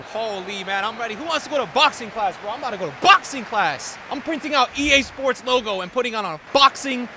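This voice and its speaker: A young man streaming a football video game, swearing and ranting, with his voice swinging from low mutters to angry shouts. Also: expressive, quick pace, hardly any pauses, noisy background. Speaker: gaming streamer. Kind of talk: raging gameplay commentary.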